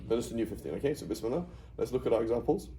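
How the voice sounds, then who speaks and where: Very fast and animated, a middle-aged man with a medium-pitched, mellow voice leads a Quranic Arabic class, repeatedly asking "right?" while he explains. The rough recording has a little hiss or hum.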